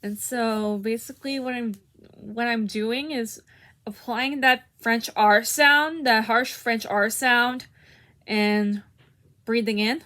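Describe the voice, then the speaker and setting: A woman's voice: on the high side, fairly even intonation, takes it slowly, bright, forceful tone. A young woman giving a casual harmonica tutorial, hesitant, with many restarts and fillers. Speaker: harmonica teacher.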